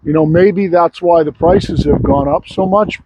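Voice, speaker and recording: A man's voice: a little high, unhurried, very noisy. A sawmill owner talking casually and bluntly, rambling and swearing freely while he shows off his wood. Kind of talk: casual vlog talk. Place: outdoor log yard.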